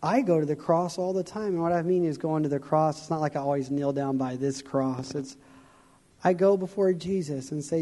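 A man's voice: on the high side, normal speed, warm tone, long reverb tail. A man giving a conversational sermon as a guest speaker in a church, telling stories earnestly.

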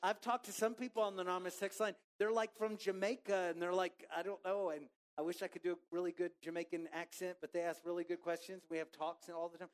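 A man preaching a sermon to a church congregation in a relaxed, conversational way, joking with the people in the room. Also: high-pitched, fast, few pauses, smooth. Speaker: pastor. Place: church auditorium.

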